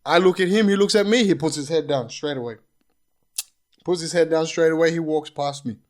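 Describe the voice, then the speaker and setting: A young man, telling his story as a podcast guest in an animated, swearing way. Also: a little high, brisk. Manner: animated, swearing, repeats phrases. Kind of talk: casual storytelling.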